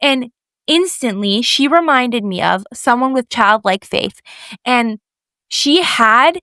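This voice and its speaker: A young woman with a fairly high voice chats casually on a faith podcast. She tells a story with lively, animated delivery, acting out each person's lines and saying "like" a lot. The sound is dry and close. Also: takes it slowly, dry recording. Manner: animated storyteller, acts out quoted voices, lots of "like". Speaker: podcast co-host.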